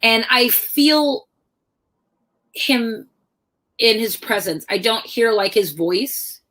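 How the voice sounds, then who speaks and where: A middle-aged woman author telling personal stories in a lively conversational talk, acting out the voices of people she quotes. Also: fairly high pitch, slow pace. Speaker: author guest.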